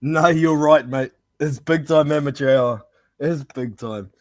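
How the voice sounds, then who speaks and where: A man's voice: a little high, unhurried, no room sound. A man co-hosting a casual boxing chat, agreeable and reading out news items.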